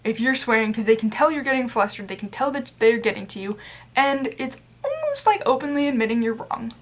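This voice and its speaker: A woman's voice: fairly high pitch, sing-song, fairly quick. A young adult woman talking straight to camera in a casual vlog rant, rambling and exasperated, with lots of fillers. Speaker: vlogger.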